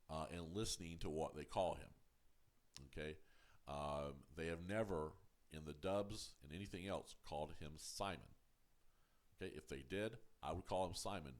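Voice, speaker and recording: Very deep-voiced man, halting reviewer. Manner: halting, full of ums and uhs, restarts words; firm and defensive when answering critics. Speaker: show reviewer, channel host. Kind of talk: casual review commentary to camera.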